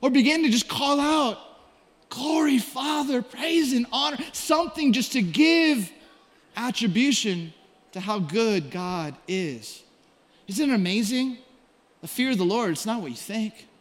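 A male pastor preaching a sermon and telling stories, dropping to a hush and then rising to loud cries. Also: high voice, animated, unhurried. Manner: storytelling preacher, swings from hushed to shouted. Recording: long hall reverb.

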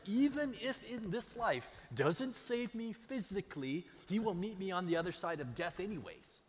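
A pastor preaches a sermon in a high-pitched, slightly bright voice, telling personal stories and repeating key phrases for emphasis. The recording carries long hall reverb.

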